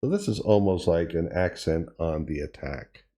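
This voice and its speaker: A man hosting a tutorial, casually demonstrating gear and thinking aloud with pauses and self-corrections. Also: low voice, mellow, slightly rough. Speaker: tutorial host. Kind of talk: casual demo while playing. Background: drum machine sounds he is playing.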